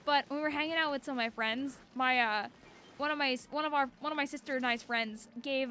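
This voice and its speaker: A woman's voice: high voice, moderate pace, sharp tone. A young woman streaming a game, chatting casually and bubbly, laughing often. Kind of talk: casual gameplay chat.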